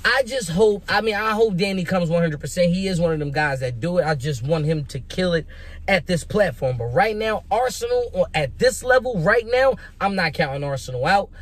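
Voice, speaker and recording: A young man giving casual, hyped commentary as a vlogger, animated and emphatic, with rhetorical questions and repeated words. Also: high voice, a little fast. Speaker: vlogger making predictions.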